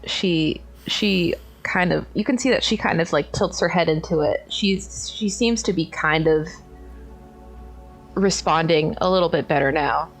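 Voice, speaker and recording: A woman's voice: low-pitched, a little slow, soft background music, rough recording. A woman playing a tabletop game, hesitantly describing her character's actions with many "like"s. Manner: hesitant, full of "like". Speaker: player.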